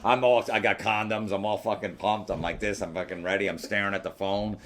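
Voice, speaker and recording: A man's voice: lowish voice, steady tone, fairly quick, fairly bright tone. A man hosting a podcast, telling a long rambling anecdote in casual, profane chat. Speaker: podcast host.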